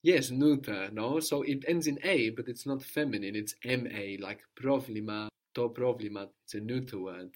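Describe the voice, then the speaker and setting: A man's voice: medium pitch, moderate pace, few pauses. A man teaching a language lesson, patiently prompting his student and repeating the answers.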